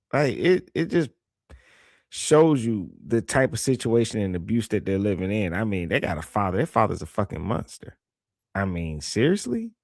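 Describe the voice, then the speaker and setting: A man giving casual reaction commentary on a news clip, animated and swearing, reading viewer comments aloud. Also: fairly low pitch, no room sound, studio quality.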